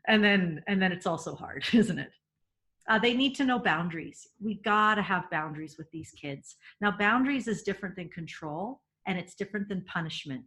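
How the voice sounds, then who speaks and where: A middle-aged woman gives parenting advice in a webinar, earnest and emphatic. She laughs easily, doubles back on her words, and keeps her pitch in a middle range. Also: animated, brisk, a bit bright.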